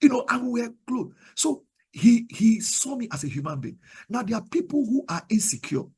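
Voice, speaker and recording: Husky Nigerian man preaching animatedly. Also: very high-pitched, normal speed. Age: middle-aged. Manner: animated, conversational, repeats words and stumbles. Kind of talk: sermon. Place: virtual service, remote.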